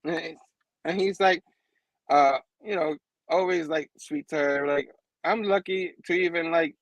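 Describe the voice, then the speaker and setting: Man, high voice, casual comic recap, frequent laughs, quick character voices, dry close sound. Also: dry recording, rough recording. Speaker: comic book reviewer.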